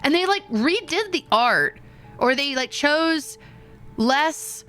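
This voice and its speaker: Excitable, animated streamer woman. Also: takes it slowly, faint music behind. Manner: animated and excitable, with gasps and sudden high squeals. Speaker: VTuber streamer. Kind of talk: casual stream chat with viewers.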